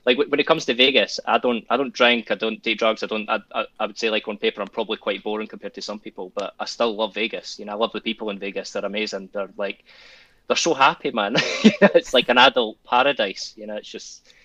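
A man's voice: on the low side, fairly even intonation, fast, pushed and bright, no room sound, lo-fi sound. A Scottish man, a guest, chatting casually, rambling and repeating himself with frequent chuckles. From Scotland. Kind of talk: casual chat.

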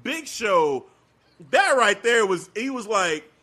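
A man's voice: sits high, slow pace. A man in casual chat, laughing often and acting out quoted lines. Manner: animated, laughing, acts out quotes.

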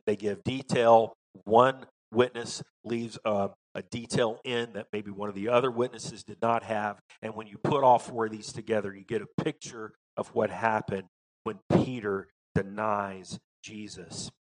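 A man with a Southern American accent preaching a sermon as pastor, folksy and emphatic, swinging between loud bursts and quiet asides. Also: on the low side, steady tone, measured pace, low-quality recording.

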